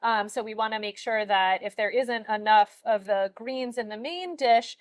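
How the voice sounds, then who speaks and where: A woman explaining meal nutrition during a cooking demonstration, clear and explanatory with occasional fillers. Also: on the high side, normal speed.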